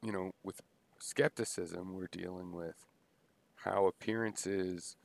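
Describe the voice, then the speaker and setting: Deep gravelly guy rambling slowly about philosophy, stops and restarts a lot. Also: steady tone, a little mellow, no room sound. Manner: halting, many restarts and pauses, thinking aloud. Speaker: video blogger musing on philosophy. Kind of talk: unscripted philosophical monologue.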